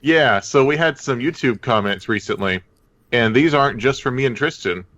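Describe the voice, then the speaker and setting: A man's voice: medium pitch, lively intonation, moderate pace, a bit bright, dry recording. A man co-hosting a casual podcast chat, rambling and correcting himself as he tells a story. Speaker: podcast co-host. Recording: dull lo-fi dry mic.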